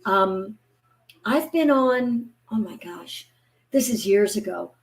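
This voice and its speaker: A woman in her fifties, a guest author, chatting casually and telling lively stories, acting out the voices of people she quotes. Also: mid-range voice, takes it slowly. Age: 50s. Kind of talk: casual chat.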